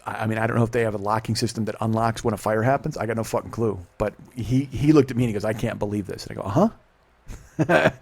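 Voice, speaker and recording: A middle-aged man, a podcast host, telling a profane, animated story in casual talk and acting out the dialogue. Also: lowish voice, fast, creaky, breathy edge.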